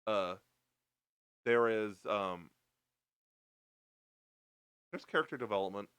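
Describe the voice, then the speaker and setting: A man's voice: fairly low pitch, takes it slowly, a bit bright, clean tone, no echo. A man co-hosting a podcast, chatting casually in an easygoing way, full of "like" and "uh". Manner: easygoing, heavy use of "like" and "uh". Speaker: podcast co-host. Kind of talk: casual chat reviewing a show.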